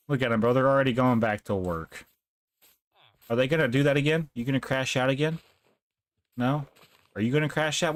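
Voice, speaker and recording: A man's voice: medium pitch, no echo. A young man live-streaming a game, chatting casually, laughing often and talking to the characters on screen.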